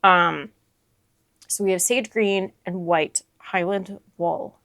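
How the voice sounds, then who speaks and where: Woman host, excitable unboxing vlogger, unhurried delivery, dry close-mic sound. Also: lowish voice, no room sound. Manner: gushing, breathless excitement with whispered asides. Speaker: crochet channel host.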